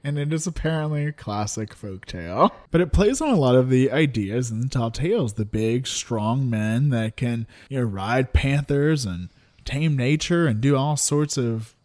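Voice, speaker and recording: A man co-hosting a folklore podcast, talking with a lively, swooping pitch. He is chatty, laughs easily and reads out old newspaper pieces. His voice sits at an average male pitch. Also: normal speed. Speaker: podcast co-host. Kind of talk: casual chat about folklore.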